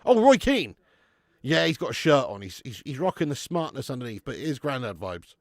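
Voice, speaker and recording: A man's voice: mid-range voice, sing-song, brisk, no room sound, studio quality. A man hosting a live football watch-along, reading the chat and chatting with viewers in a casual, sweary way, calling everyone mate and laughing often.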